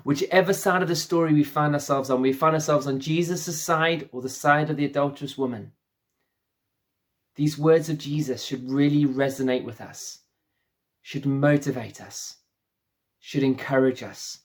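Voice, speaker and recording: A man's voice: fairly high pitch, normal speed. A man preaching a sermon as pastor, earnest and repeating phrases for emphasis.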